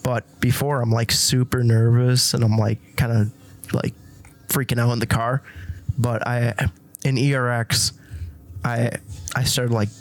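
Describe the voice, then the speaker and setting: A man guest on a podcast, speaking haltingly with many restarts. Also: mid-range voice, flat delivery. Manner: halting, hesitant, restarts often. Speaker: racing guest. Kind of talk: casual podcast chat.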